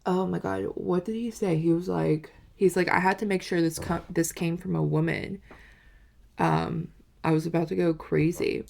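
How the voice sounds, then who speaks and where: A woman vlogger in her twenties, with a lowish, creaky voice at a moderate pace, tells a dating story. She rambles casually, saying "like" and "you know" a lot, and animatedly acts out the lines she quotes.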